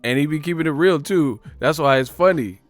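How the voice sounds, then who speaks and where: A man's voice: fairly high pitch, brisk, soft background music. A man from the Bay Area hosting a livestream, riffing in casual, profane slang. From San Francisco Bay Area. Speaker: livestream host.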